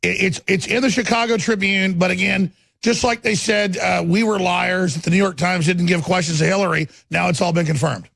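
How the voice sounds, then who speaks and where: A man with a very gravelly, raspy voice hosts a talk show and cuts in with quick remarks. His pitch sits somewhat high, and the sound is dry and close. He stammers as he restarts his sentences. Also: steady tone, fairly bright tone, dry recording.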